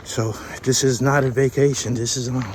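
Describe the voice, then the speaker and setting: A man's voice: medium pitch, little pitch movement, moderate pace, slight background noise. A man hosting a casual travel vlog on an outdoor hiking trail, a bit winded, talking bluntly and jokingly into a handheld phone. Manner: blunt, joking, profane talk. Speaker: vlogger host.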